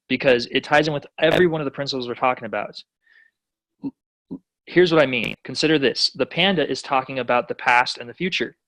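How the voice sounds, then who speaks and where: A man's voice: mid-range voice, a bit bright, no room sound, rough recording. A man leading a personal growth class, enthusiastic and encouraging, affirming what others say. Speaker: class leader.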